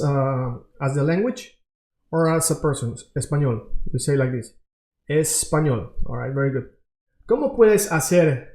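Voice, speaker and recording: A man's voice: on the high side, darkish tone. Man teaching a lesson, echoey room. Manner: explains slowly, checks in with "right?" and "okay?". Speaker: Spanish teacher. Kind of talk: online language lesson.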